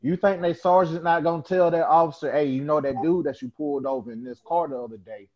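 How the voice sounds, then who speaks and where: A man's voice: on the high side, fast talker. A man on a podcast earnestly arguing a point in casual talk. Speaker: podcast co-host. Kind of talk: casual conversation. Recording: dull lo-fi podcast audio.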